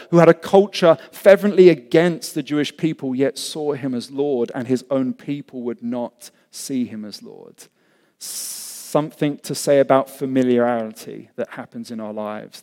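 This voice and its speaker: A man preaching a sermon to his congregation, impassioned, swinging between loud cries and hushed lines. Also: fairly high pitch. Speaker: pastor. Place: church hall. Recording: long reverb of a large hall.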